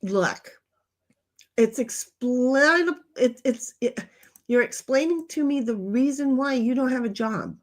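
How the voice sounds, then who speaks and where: An older woman with a high voice hosts a casual livestream chat. She rambles from one comment to the next. She talks bluntly and swears now and then. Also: slow pace. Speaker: livestream host reading chat.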